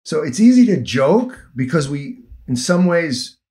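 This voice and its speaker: A man in his fifties telling stories about living abroad in a casual conversation, animated and quick to laugh. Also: fairly high pitch. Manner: animated, acts out village voices, laughs often. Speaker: former field worker telling stories.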